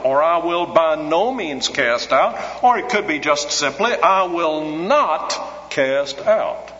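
Bright-voiced preacher in an echoey hall. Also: male voice, a little high. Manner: earnest, teacherly, repeats the scripture text for emphasis. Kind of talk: sermon. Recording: dull lo-fi recording in an echoey hall.

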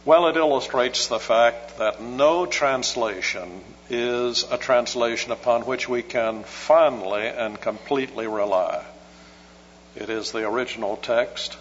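A man preaching an expository sermon in a measured, scholarly way with dry humor. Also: medium pitch, a bit bright. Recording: muffled hall recording with hum.

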